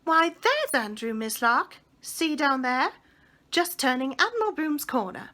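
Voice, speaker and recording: A woman's voice: high voice, unhurried, voice pushed up, exaggerated voice. A woman putting on an eager cheeky little boy. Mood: pleading. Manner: excited, pleading, insistent.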